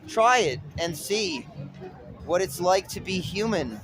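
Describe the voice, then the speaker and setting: A man's voice: sits high, lively intonation, takes it slowly, a bit bright, soft background music, some chatter behind, rough recording. A man delivering a rambling, dramatic stream-of-consciousness monologue with poetic turns. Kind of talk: rambling spoken-word monologue. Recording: street noise with traffic.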